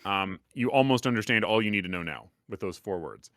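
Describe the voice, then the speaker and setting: Low-voiced man rambling on a podcast. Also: animated, brisk, a bit bright, dry recording, studio quality. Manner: rambling, self-deprecating, many fillers and restarts. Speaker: podcast co-host. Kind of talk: casual chat.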